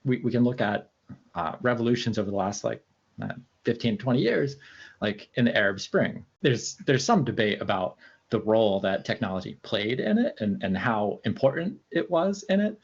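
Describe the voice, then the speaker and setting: This man's voice sits low and has a husky grain. He talks through his ideas haltingly, with frequent fillers and restarted phrases. The audio is somewhat dull and lo-fi. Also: expressive. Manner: hesitant, many fillers and restarts. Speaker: researcher guest. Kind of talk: casual interview talk.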